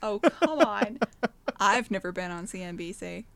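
A woman's voice: mid-range voice, animated, normal speed, creaky, fairly bright tone, clean tone, dry recording. Rambling, joking woman podcast co-host. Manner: rambling, joking, lots of fillers and swearing. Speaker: podcast co-host, game developer. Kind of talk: casual chat.

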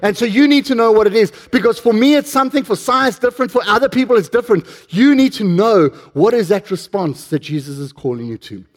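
Animated high-voiced male preacher. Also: quick pace, few pauses. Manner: animated storytelling, questions the congregation. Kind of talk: sermon.

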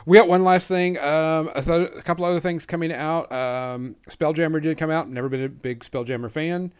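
A man's voice: a little high, steady tone, moderate pace, clean tone. A man hosting a casual podcast chat, easygoing and rambling, with many ums and uhs. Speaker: podcast host.

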